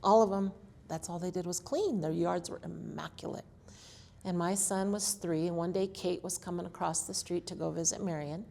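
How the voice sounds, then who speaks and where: Woman, sixties, oral history interviewee, animated storyteller who acts out quotes. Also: lowish voice, normal speed, creaky. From Colorado, USA.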